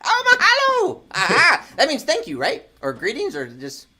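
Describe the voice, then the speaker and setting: A woman's voice: on the low side, wildly swooping pitch, moderate pace, sharp tone. A bubbly woman hosting a children's library show, exclaiming and laughing often. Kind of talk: lively kids' show hosting.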